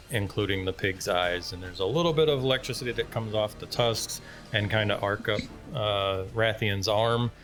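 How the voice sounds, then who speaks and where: A man's voice: on the low side, fairly bright tone. A man narrating a tabletop game as dungeon master, in casual chat.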